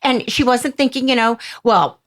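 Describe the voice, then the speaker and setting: A woman's voice: mid-range voice, a little fast. An older woman hosting a podcast, giving marriage advice in casual chat and telling stories with quoted voices. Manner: animated storytelling, acts out quoted voices. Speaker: podcast host, marriage counselor.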